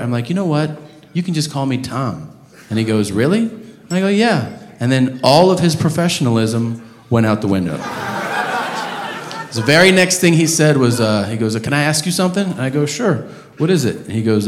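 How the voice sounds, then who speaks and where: A man performing a stand-up comedy set, loud and profane, breaking into shouted rants. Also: medium pitch. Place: comedy club stage. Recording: roomy live club recording with audience noise. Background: audience laughter.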